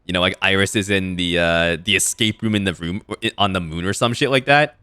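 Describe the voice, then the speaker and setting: A man streaming a video game, giving animated, swear-heavy commentary with frequent reactions. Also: sits low, brisk, smooth. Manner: animated, swears and laughs often. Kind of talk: casual let's-play commentary.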